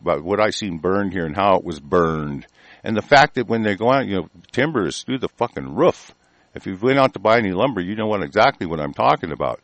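Man, low voice, angry swearing rant, mocking, dry close recording. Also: gravelly, fairly bright tone, no echo. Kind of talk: profane conspiracy rant.

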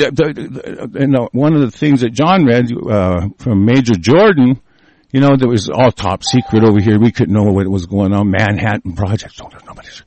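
A man's voice: medium pitch, darkish tone, no room sound. A man in a heated, profane, rambling rant, often breaking off and restarting his sentences. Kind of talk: casual ranting monologue.

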